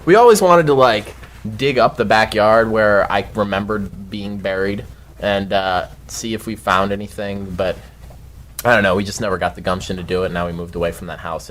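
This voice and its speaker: A man telling a long story as a podcast guest, rambling and swearing freely and shouting the outbursts he quotes. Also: deep voice, a little hiss or hum. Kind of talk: casual storytelling chat.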